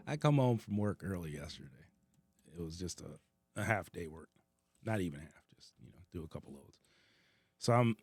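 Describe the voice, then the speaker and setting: A man's voice: deep voice, vocal fry, dry recording. A man co-hosting a casual bar-talk podcast, telling a story with lots of swearing and laughter. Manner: animated, profane, laughs through his story. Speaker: podcast co-host.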